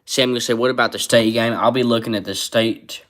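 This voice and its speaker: A man's voice: mid-range voice, steady tone, brisk, fairly bright tone. A man doing casual live-stream sports commentary, rambling and reading chat comments aloud. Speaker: sports livestreamer.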